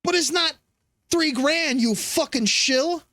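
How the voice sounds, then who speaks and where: A man's voice: very high-pitched, slow, sharp tone, no echo. A man hosting a commentary show, reacting to political clips in a profane, sarcastic, rambling rant full of restarts.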